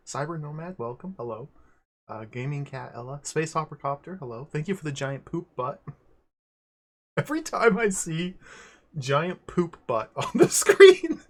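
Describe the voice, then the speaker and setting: A man hosting a video game livestream, greeting viewers by name in an excitable, giggly way. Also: medium pitch. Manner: excitable, laughs often, greets chat by name. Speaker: livestream host. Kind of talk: casual livestream chat.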